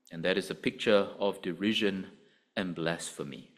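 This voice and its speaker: A man preaching a sermon, addressing his listeners directly with an animated delivery. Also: moderate pace. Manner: animated preaching, rising and dropping in pitch and volume.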